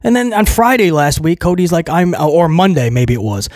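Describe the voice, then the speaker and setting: A fairly high-voiced man in casual recap commentary, sarcastic and mocking, dropping the odd swear and tossing "right?" at his listeners. The sound is dry and close, with no room echo. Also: lively intonation, a little fast, darkish tone. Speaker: host recapping a wrestling show.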